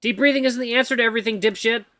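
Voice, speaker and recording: A man voicing a panicked, foul-mouthed young man held captive, yelling frantically. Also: very high-pitched, lively intonation, quick pace, no echo, pitched above the performer's own voice, exaggerated voice. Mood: frantic.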